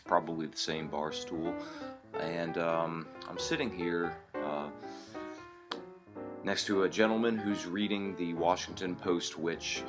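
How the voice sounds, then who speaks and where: Male co-host, very low voice, deadpan anecdotes, music bed behind. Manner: dry storyteller, halting with ums. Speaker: podcast co-host. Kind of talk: storytelling comedy chat.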